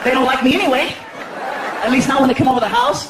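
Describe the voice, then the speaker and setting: High-voiced comedian, loud crowd laughing. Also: male voice, quick pace, heavy background noise. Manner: animated, acts out characters with high squeaky voices. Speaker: stand-up comedian. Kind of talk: stand-up comedy storytelling. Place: large theater stage before a laughing audience. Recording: echoey live venue, loud crowd laughter.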